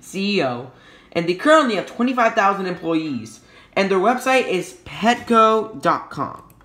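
Playful male YouTube host, bright and animated delivery, echoey room. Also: high-pitched. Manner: playful and jokey, self-correcting with quick apologies. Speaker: YouTube logo history host. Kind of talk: casual explanatory commentary.

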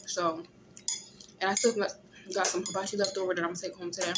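A groggy, tired young woman, casually chatting in a vlog from a hospital room, often clearing her throat. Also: on the low side, little pitch movement, fast talker, very noisy. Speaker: vlogger. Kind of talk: casual vlog chat while eating.

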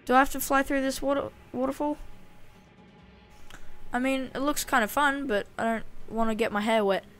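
An Australian woman with a fairly high voice keeps up playful running commentary while she plays a game. She talks straight to the characters on screen and jokes along in a chatty way. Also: steady tone, moderate pace, fairly bright tone. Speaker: gaming channel host. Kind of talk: let's play commentary.

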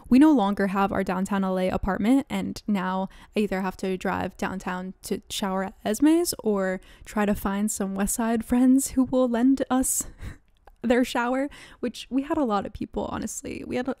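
A woman's voice: mid-range voice, normal speed, vocal fry, mellow, no room sound, clean studio sound. A young woman in her twenties hosting a podcast, telling a story in casual chat, laughing often, swearing and acting out quoted lines. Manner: laughs often, swears, many likes, dramatic quoted voices. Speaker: podcast host.

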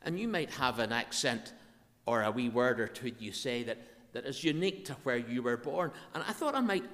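A Northern Irish man preaches from the pulpit in a voice of ordinary pitch. He leads prayer and tells his congregation stories in an earnest, conversational way. His words ring out with the long echo of a church. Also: very animated, moderate pace, fairly bright tone. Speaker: minister. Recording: reverberant church hall sound.

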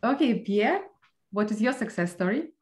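A woman moderating an online panel, asking the guests questions in a measured way. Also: medium pitch, lively intonation. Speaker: interview host. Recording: roomy echo.

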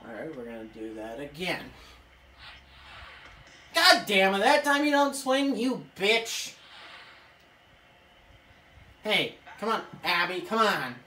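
Excitable woman yelling at a video game. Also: mid-range voice, unhurried. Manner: excitable, yells and swears at the game. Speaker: gaming video creator. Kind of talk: let's-play commentary. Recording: echoey room, off-mic, faint hiss.

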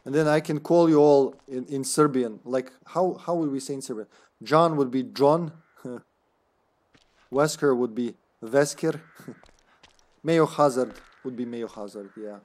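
A man's voice: mid-range voice, measured pace, pauses often, darkish tone. A man streaming a game live, joking, laughing and swearing as he plays. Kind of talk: live gameplay commentary.

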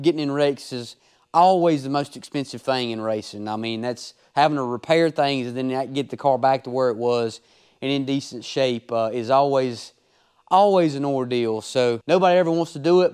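A relaxed man with a drawl talks through his race footage in an easygoing, folksy way, filling the gaps with "um" and "uh." His voice sits in an ordinary middle pitch, and he comments like a driver walking friends through the video. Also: smooth. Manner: laid-back, folksy, many fillers.

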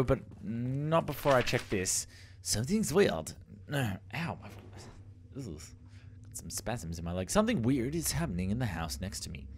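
Animated man narrating his gameplay. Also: mid-range voice, a little hiss or hum. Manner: animated, exclaiming, addresses viewers as legends. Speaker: gaming channel host. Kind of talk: let's-play commentary.

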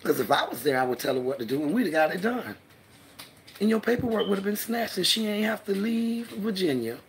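A woman vlogger in a heated trash-talk monologue, brash and profane, mocking and laughing as she goes, dropping to low mutters and then bursting out loud. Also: expressive, a little fast, slight background noise. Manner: mocking, laughs through her words.

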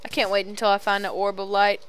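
A young woman in a loose, playful gaming chat, her voice sitting at an ordinary middle pitch. She teases her friend and shouts taunts at monsters as she plays, with a faint hiss of noise behind her. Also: completely flat delivery, fast talker, rough recording. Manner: playful, teasing, taunts game enemies aloud. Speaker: gamer recording a let's play. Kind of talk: casual gaming chat over a voice call.

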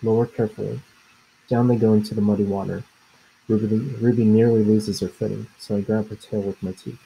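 Male storybook narrator, first person, low and gravelly, measured delivery. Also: level tone, dark tone, a little hiss or hum, poor audio. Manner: measured and plain. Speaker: audiobook narrator.

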